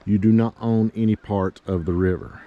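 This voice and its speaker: A man's voice: fairly low pitch, steady tone, normal speed, phone-quality sound, slight background noise. A man, walking a piece of land outdoors and talking casually as a realtor, out of breath and rambling with many fillers. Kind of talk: casual walking property tour. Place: outdoors by a river and hillside.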